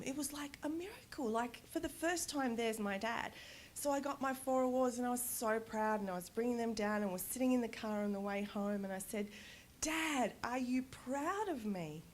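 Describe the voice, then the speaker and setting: Animated woman telling stories. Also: fairly high pitch, a little hiss or hum. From Australia. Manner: animated, laughs often, candid. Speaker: conference speaker. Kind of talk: personal storytelling talk. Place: conference stage.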